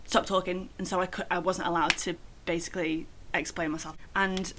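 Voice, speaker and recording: A woman's voice: fairly low pitch, little pitch movement, brisk, a bit bright, slight background noise. A young woman telling a personal story in a casual vlog, chatty and full of "like" fillers. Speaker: vlogger.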